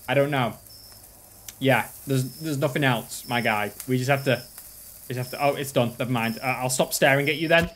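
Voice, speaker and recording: A man's voice: mid-range voice, moderate pace, a bit bright, slight background noise. A man hosting a gaming channel, playing a game with joking, self-mocking commentary.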